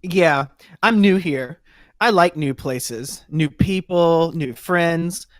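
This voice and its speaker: A man's voice: fairly high pitch, takes it slowly, dry recording, clean studio sound. A man voicing a cheerful, chatty young male soldier recruit in a script read-through, eager and naive.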